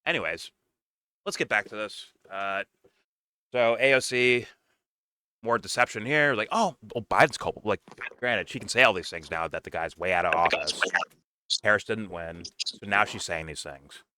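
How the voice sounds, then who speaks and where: Male co-host, blunt and profane, smooth clear voice, dry close sound. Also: lowish voice, moderate pace, pauses often, pushed and bright, no echo. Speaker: podcast co-host. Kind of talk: casual political commentary.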